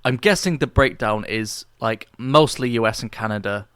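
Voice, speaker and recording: A man's voice: mid-range voice, fairly bright tone, smooth, no room sound. Casting: man, podcast co-host, rambling casual chat with restarts, dry studio sound. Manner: rambling, halting with many restarts.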